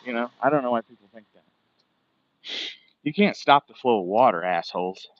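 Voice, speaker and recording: A man's voice: mid-range voice, animated, moderate pace, no room sound, muffled recording. A man, livestreaming as he walks outdoors by the water, talking casually, cursing often and ranting, a bit out of breath. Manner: profane, rambling, ranting.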